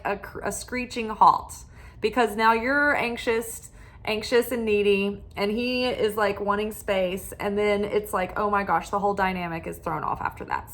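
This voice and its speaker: A woman's voice: fairly high pitch, fairly bright tone. A middle-aged woman giving spiritual love advice as a tarot reader, talking animatedly and acting out the voices of people she quotes.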